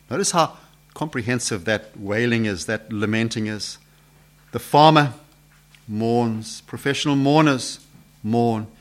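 A man preaching an expository sermon, posing rhetorical questions to his listeners and swinging from loud emphasis to hushed questions. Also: medium pitch.

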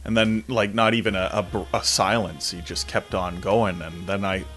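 This young man's voice is low-pitched and he talks at a normal speed, with faint music behind him. He tells casual stories in an animated way, doing the voices of the characters involved.

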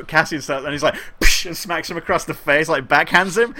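A man's voice: fairly high pitch, normal speed, sharp tone, a little hiss or hum. A man co-hosting a casual film podcast, retelling scenes with bursts of laughter. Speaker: podcast co-host.

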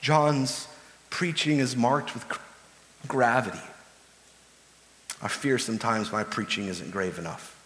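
A man's voice: mid-range voice, unhurried, long pauses, fairly bright tone, long reverb tail. A man preaching a sermon as pastor, earnest, building to urgent pleading.

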